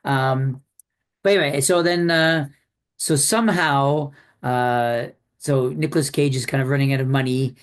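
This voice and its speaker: Man, podcast co-host, mid-range voice, halting and rambling chat. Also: medium pitch, steady tone. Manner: rambling, halting, lots of 'right?' tags. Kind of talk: casual film chat.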